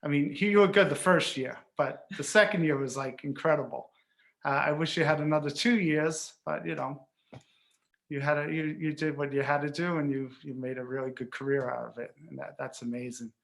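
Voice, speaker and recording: Halting, heartfelt New man. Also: fairly high pitch, steady tone, vocal fry, fairly bright tone. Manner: halting, repeats words, heartfelt. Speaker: hall of fame inductee. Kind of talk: emotional acceptance speech.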